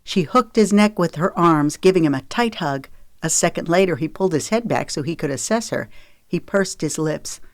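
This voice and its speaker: A woman narrating a romance audiobook in a steady, measured storytelling voice on a close studio mic. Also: on the low side, dry recording. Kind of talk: scripted narration.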